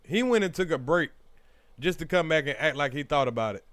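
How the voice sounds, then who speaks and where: A man's voice: a little high, animated, a little fast, a bit bright, no room sound. A man hosting a live stream, giving opinionated, conversational commentary on a trial. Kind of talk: casual commentary.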